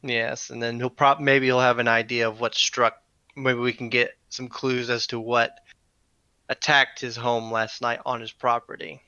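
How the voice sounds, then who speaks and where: A man playing a tabletop role-playing game, talking in a loose, hesitant way and narrating his character's moves. His voice is bright and clean. The sound is dry and slightly lo-fi. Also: medium pitch, little pitch movement, normal speed, clear, resonant tone, dry recording. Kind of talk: casual tabletop game chat.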